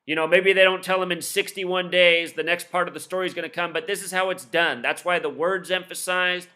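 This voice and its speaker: A man explaining his theories in a solo video, rattling off numbers quickly and insistently, with scornful asides. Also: sits high, steady tone, sharp tone. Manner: rapid-fire, insistent, admits talking too fast; lists numbers and codes in rapid bursts. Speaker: video commentator.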